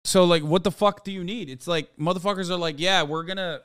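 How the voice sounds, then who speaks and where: A man's voice: high voice, fast talker, dry recording, clean studio sound. A man hosting a political stream, reacting to clips with profane, mocking rants. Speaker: streamer host. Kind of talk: casual political commentary.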